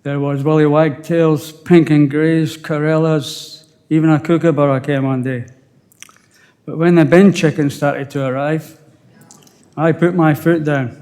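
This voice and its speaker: An older man with a Scottish accent, a widower giving a halting, emotional funeral eulogy with touches of dry humour. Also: fairly high pitch, fairly even intonation, mellow, in a large hall. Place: funeral service.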